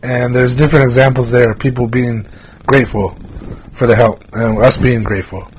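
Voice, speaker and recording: A man's voice: medium pitch, fairly even intonation, fairly quick, slightly rough, lo-fi sound. A man co-hosting a podcast, chatting casually and telling rambling stories packed with filler words. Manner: rambling storyteller, frequent "like" fillers. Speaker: podcast co-host. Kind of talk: casual chat.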